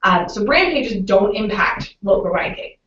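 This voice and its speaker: A woman's voice: mid-range voice, animated, unhurried, fairly bright tone. Canadian woman giving a casual webinar talk. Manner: casual, explanatory, many "um"s and "you know"s. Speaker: local SEO consultant presenting a webinar. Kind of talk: webinar presentation. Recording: roomy, distant, muffled webinar audio.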